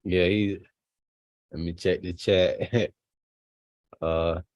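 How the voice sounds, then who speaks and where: A man casually commenting on a video he is watching, relaxed and chuckling often. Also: deep voice, drawn-out words, no room sound. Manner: laid-back, chuckling often. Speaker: streamer reacting to a video.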